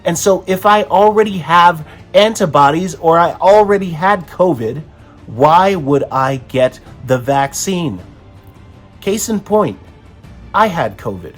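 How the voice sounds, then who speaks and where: A man's voice: fairly high pitch, animated, takes it slowly, soft background music. A man hosting an opinion commentary, talking emphatically with frequent restarts. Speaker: host.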